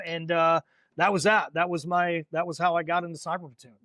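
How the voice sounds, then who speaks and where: A former Marine in his forties from the United States tells stories casually in a slightly high, level, fairly bright voice at a fairly quick pace. He rambles with plenty of fillers and swearing, and the recording is dry.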